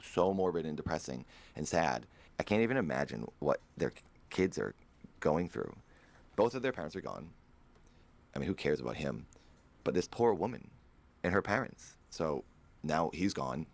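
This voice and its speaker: A man's voice: a bass voice, vocal fry. A man telling a personal story in a vlog, in a somber, earnest way.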